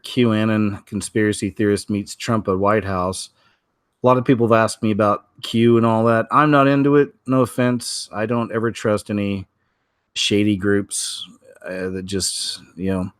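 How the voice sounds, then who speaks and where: A man's voice: lowish voice, no room sound. A man casually commenting on news stories and clips, chatty and laid-back with trailing asides. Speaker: video commentator.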